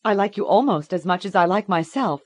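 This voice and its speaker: A woman's voice: mid-range voice, expressive, brisk, no echo, voice pushed up, lightly acted. A woman doing a fretful, sugary mother. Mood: fretful, sweet. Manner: fretful, then falsely sweet. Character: anxious, self-absorbed mother.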